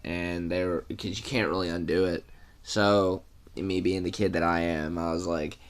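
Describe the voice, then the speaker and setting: Young man, low-pitched, for a casual rambling storytime vlog with fillers and cursing. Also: fairly even intonation, moderate pace.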